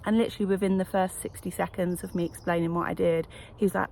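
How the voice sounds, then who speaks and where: Gravelly low-voiced woman vlogging. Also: flat delivery, fast, darkish tone, slight background noise. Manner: chatty, reflective, many fillers. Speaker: coach. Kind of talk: casual vlog to camera. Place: wellness retreat.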